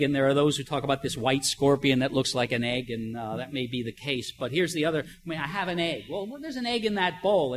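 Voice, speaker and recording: A man's voice: on the high side, fairly bright tone, slight background noise. An older man preaching a sermon in a conversational way, telling everyday stories and asking rhetorical questions. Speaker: pastor.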